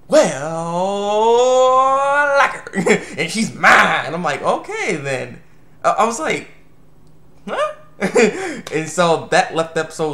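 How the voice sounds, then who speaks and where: A young man reviewing an anime episode in a rambling, excitable way, full of restarts and fillers. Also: on the high side, reverberant. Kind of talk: casual video review.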